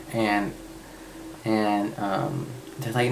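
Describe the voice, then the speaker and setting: A man's voice: on the low side, fairly even intonation, moderate pace, fairly bright tone, slight background noise, poor audio. A young man vlogging, telling a personal story in a casual, chatty way with lots of fillers and swearing.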